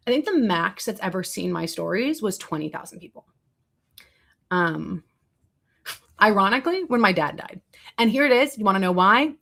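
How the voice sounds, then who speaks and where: A young woman talks casually through a home livestream, rambling from one aside to the next. Her voice has a gravelly, fried edge at an ordinary middle pitch, picked up by a desk mic. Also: fairly bright tone. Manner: chatty, rambling, quick asides to chat. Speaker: livestreaming content creator.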